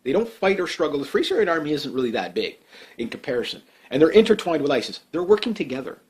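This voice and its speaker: A man's voice: on the high side, big pitch swings, fast talker, a little mellow. A man giving off-the-cuff political commentary, blunt and emphatic, rambling with many fillers and restarts.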